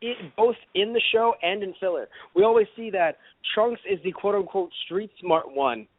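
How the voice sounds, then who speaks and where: A man's voice: sits high, moderate pace, no echo. Rambling man on a tinny, dry line. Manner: rambling, full of "you know" and "like", swears. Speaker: podcast co-host. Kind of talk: casual anime review chat. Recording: dry, phone-like lo-fi recording.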